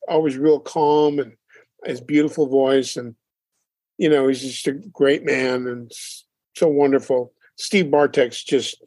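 A man, a band leader and drummer, chatting in an interview and telling animated stories with frequent laughs. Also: on the high side, dry recording. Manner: animated storyteller, acts out quotes, laughs often. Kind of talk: casual interview chat.

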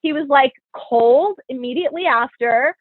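A woman's voice: sits high, normal speed, no room sound. Woman telling a story over tinny phone-like audio. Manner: animated, profane, quotes people in her stories. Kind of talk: casual storytelling chat. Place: New York.

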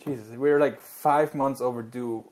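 A man's voice: mid-range voice, fairly even intonation, unhurried, a little mellow. A man from Germany, a guest writer in casual chat, rambling with filler words and laughing at his own jokes.

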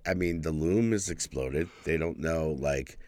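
A man's voice: a bass voice, unhurried, darkish tone, dry recording, clean studio sound. A man co-hosting a podcast in casual chat, joking crudely and swearing freely. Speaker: podcast co-host.

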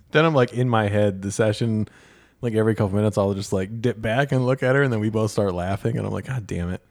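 A man's voice: lowish voice, brisk, vocal fry. A man co-hosting a podcast, telling a story in casual chat, wry and laughing often, swearing freely. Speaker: podcast co-host.

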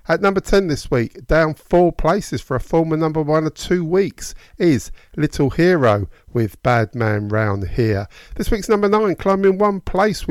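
A man hosting a reggae radio show, presenting the chart countdown in a steady, drawn-out announcer cadence. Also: a little high, dry recording, studio quality.

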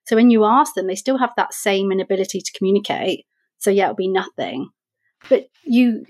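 A woman talking through emotional habits in a casual conversation, reflective and explaining with examples. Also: medium pitch. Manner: reflective, explains with examples and quoted self-talk. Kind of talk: casual podcast chat.

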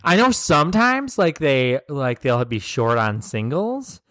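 A woman's voice: very deep voice, big pitch swings, unhurried, fairly bright tone, dry recording, clean studio sound. A woman co-hosting a podcast in casual chat, a sympathetic listener who answers with short reactions and jokes. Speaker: podcast co-host.

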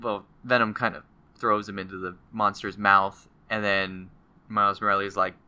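Bright, crisp-voiced young man chatting. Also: fairly low pitch, moderate pace. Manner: animated, acts out characters in goofy voices. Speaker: podcast co-host. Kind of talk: casual chat about comics and movies.

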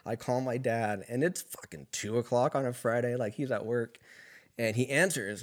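A young man with a middle-pitched voice tells a wild personal story in a loose, rambling way. He swears freely and keeps breaking into laughter partway through his sentences. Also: a little fast. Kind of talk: casual personal anecdote.

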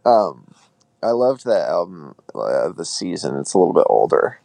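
A young man talking casually about music, laid-back and quick to laugh. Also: low voice, sing-song, vocal fry, mellow, no room sound. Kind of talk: casual chat.

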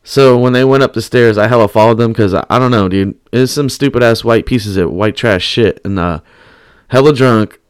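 A man's voice: mid-range voice, normal speed, smooth, dry recording. A man hosting a podcast, telling a story in profane, rambling casual chat. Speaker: podcast host.

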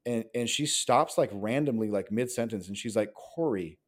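A man's voice: fairly low pitch, moderate pace. A man around forty, a pastor, telling his story in a casual interview, rambling and earnest with lots of filler words. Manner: rambling, earnest, heavy use of "like".

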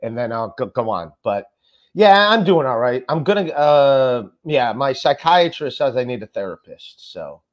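A man's voice: medium pitch, sing-song, normal speed. A man hosting a casual podcast chat, rambling and stammering as he talks. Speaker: podcast host.

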